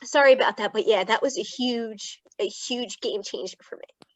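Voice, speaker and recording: Woman, Philadelphia accent, higher voice, candid casual storytelling, dry muffled video-call sound. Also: steady tone, a little slow, dry recording. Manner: emotional, tearful at times, frank and casual. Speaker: guest speaker, clinical psychologist.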